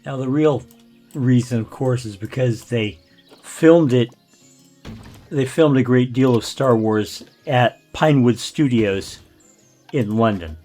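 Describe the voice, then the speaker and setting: Older man, let's play commentary, slow and drawn out, self-mocking asides. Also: medium pitch, a little mellow, soft background music. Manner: rambling, self-deprecating trivia talk. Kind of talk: casual gameplay commentary.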